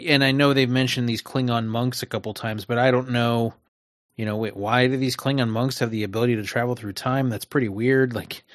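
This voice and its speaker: A man's voice: mid-range voice, fairly bright tone, no room sound, clean studio sound. A man in casual chat about a TV episode, conversational with wry asides. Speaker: podcast co-host.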